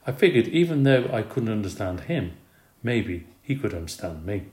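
A man reads a children's storybook aloud with lively expression. His voice sits on the low side. The recording carries a noticeable room echo. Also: normal speed. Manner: expressive, animated reading. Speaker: reader. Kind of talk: storybook narration. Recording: roomy recording.

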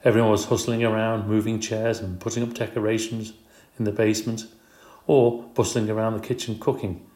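A man reading a children's storybook aloud in an expressive, brisk way. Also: fairly low pitch. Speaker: audiobook narrator. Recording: roomy echo.

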